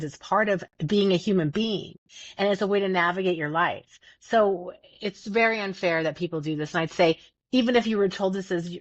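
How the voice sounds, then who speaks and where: This podcast host has a mid-range voice with no room sound as she talks casually and earnestly about feelings. In this self-help chat she stresses her points and repeats words often, and the audio is dull, dry, and lo-fi.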